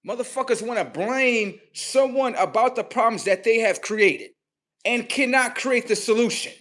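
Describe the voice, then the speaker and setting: A man hosting a livestream, swearing heavily in a mocking rant that swings between loud high outbursts and low muttering. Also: normal speed. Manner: heavy swearing, mocking, talks at the audience. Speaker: livestream host.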